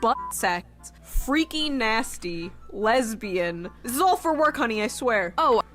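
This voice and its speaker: A woman's voice: a little high, animated, a little slow, a bit bright, faint music behind. Dry, sardonic woman commentator. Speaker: video commentator. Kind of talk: sardonic video narration.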